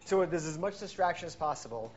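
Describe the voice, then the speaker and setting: A woman coaching a cook through a quick healthy meal in a home kitchen, upbeat and always checking in with "okay?". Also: deep voice, expressive. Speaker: nutrition coach. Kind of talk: cooking demonstration. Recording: dull lo-fi sound with music behind.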